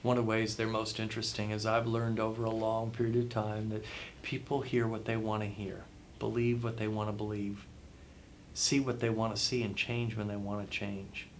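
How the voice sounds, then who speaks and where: In this interview, a guest author answers with motivational advice, stressing his points and repeating phrases for effect. He has a fairly low voice, a completely flat delivery, and a normal speed, with slight background noise.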